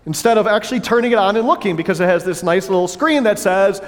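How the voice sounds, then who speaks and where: A pastor preaching a sermon in a church, earnest but breaking into playful asides to the congregation on a wireless mic. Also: male voice, high voice, fast. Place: church sanctuary. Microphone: wireless headset or lapel mic with battery pack. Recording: long church hall reverb.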